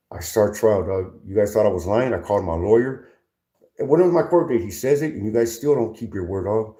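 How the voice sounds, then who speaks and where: Man, middle-aged, confrontational livestream rant, low pitch, warm dark tone, repeats "dog", stammering restarts. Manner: stammering restarts when worked up.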